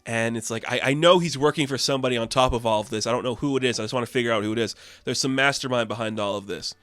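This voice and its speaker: A man casually recapping a comic issue in a rambling, excitable way, filling his talk with "like". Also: medium pitch, very fast, dry recording. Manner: rambling, heavy use of "like", excitable. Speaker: comic book reviewer.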